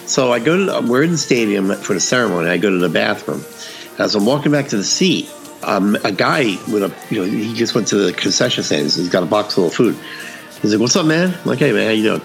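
Low gravelly guy co-hosting a chat, animated storyteller, some faint music under it. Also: quick pace. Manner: animated storyteller, acts out quotes. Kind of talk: casual chat.

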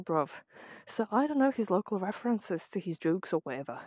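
A woman's voice: medium pitch, lively intonation, a little fast, hardly any pauses, darkish tone, no echo. A woman with a British accent, ranting sarcastically with heavy swearing in a casual voice memo recorded on a phone while walking outdoors. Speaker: vlogger. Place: outdoors on a walk to the seaside.

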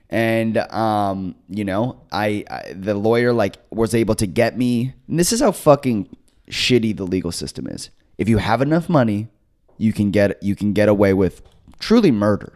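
A young man in his twenties, a podcast co-host, telling a story casually, swearing and acting out quotes. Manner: animated, swearing, acts out quotes with jumps in pitch.

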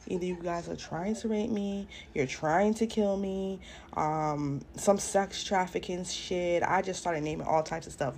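A woman's voice: fairly low pitch, gravelly, darkish tone, a little hiss or hum. A young woman hosting a casual storytime vlog, talking bluntly and profanely straight to her viewers. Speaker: podcast host. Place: at home doing makeup.

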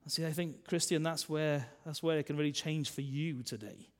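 A man, a minister preaching a sermon in a chatty style, full of tag questions and swings between loud and soft. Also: on the high side, fairly even intonation, moderate pace.

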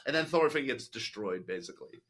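Casual podcast host, man, bright and talky, meandering recaps. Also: mid-range voice, animated, brisk, breathy edge. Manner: rambling, full of "like" and quoted asides. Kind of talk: casual chat.

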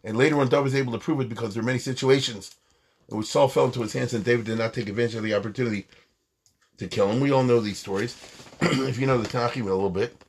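A man giving an animated, conversational Torah lecture, acting out quoted lines. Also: medium pitch, rapid-fire, husky. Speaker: Torah teacher.

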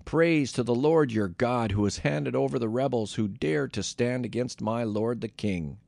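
A man's voice: medium pitch, normal speed, vocal fry, a little mellow, no room sound. A man voicing an eager young male messenger who pleads earnestly in a scripture reading.

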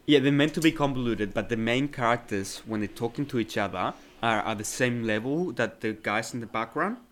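A man's voice: mid-range voice, brisk. A man chats about a movie on a podcast, speaking English as a second language. He hesitates often, restarting his sentences and filling gaps with "um" and "uh". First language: not English. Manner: hesitant, many fillers and restarts. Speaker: podcast co-host. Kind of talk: casual film discussion.

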